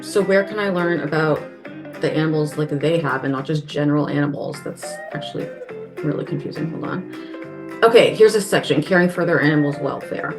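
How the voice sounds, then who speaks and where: A woman's voice: deep voice, fairly quick. Chatty woman co-host, faint guitar behind. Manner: earnest and chatty, thinks aloud. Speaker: podcast co-host. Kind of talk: casual chat.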